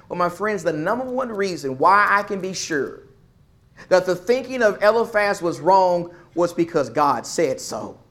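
A man's voice: high-pitched, animated, normal speed, fairly bright tone. A man preaching a sermon as pastor, emphatic, repeating phrases for stress.

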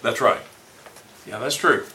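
Brief: bright-voiced man leading a church Bible class, chatty and folksy, heard from a distance in a roomy hall. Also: medium pitch, a little slow. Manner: conversational, folksy, with rhetorical questions. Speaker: Bible study teacher. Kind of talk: informal Bible class teaching. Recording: roomy distant room mic, faint noise.

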